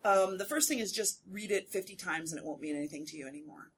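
A woman with a slightly low voice talks on a convention panel, chatty and prone to restarting her sentences. Faint room noise sits behind her. She laughs easily and corrects herself as she goes. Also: fast. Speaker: voice actor panelist.

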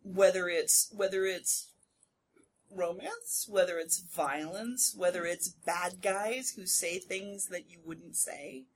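A woman voice actor speaking on a convention panel, chatty and quick to correct herself, laughing easily. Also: fairly low pitch, breathy edge.

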